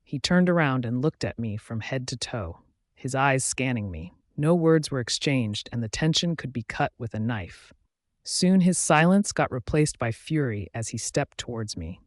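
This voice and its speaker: A man's voice: mid-range voice, animated, moderate pace, no echo, studio quality. A man reading a first-person fantasy romance audiobook in an emotive, dramatic way. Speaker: audiobook narrator.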